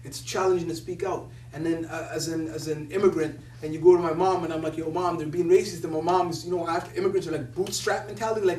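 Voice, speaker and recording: Animated man storyteller, echoey room. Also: high voice, fast, hardly any pauses. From Somalia. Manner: animated, laughing, quotes others in voices. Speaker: poet laureate. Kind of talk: storytelling talk. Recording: echoey room from a distance with faint hum.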